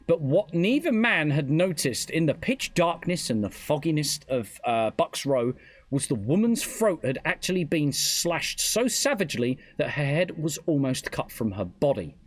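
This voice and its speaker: British man, podcast host, animated reader, dry close sound. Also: fairly high pitch, normal speed, no room sound. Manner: reads the story aloud with stumbles, laughs a lot. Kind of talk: casual podcast narration.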